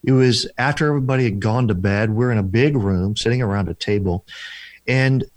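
A man telling a personal ministry story in an interview, earnest and slowing down for emphasis as he acts out the dialogue. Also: lowish voice, no echo. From former Protestant, now Catholic. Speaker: deliverance minister, guest.

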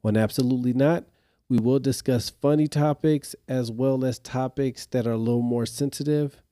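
A podcast host, a man with a dark, medium-pitched voice, retells a story casually and animatedly, speaking straight to listeners in slang with growing exasperation. His intonation stays fairly even at a moderate pace, and the dry recording has studio quality.

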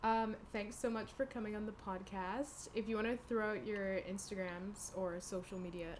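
A woman's voice: mid-range voice, fairly even intonation, moderate pace, slight background noise. A woman hosting a podcast, chatting casually and then reading a closing outro. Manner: friendly, wraps up with a scripted outro. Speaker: podcast host.

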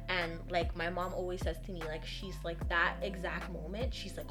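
A woman's voice: lowish voice, moderate pace, hardly any pauses, music in the background. Young woman telling a birth story. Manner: animated storytelling, acts out others' lines. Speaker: new mother telling her birth story. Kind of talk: casual chat.

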